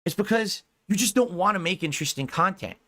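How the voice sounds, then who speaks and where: A man's voice: high voice, expressive, a little fast, bright, forceful tone. A man hosting a stream, ranting in exasperation, swearing often and mocking others in quoted voices. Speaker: streamer host. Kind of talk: heated casual rant.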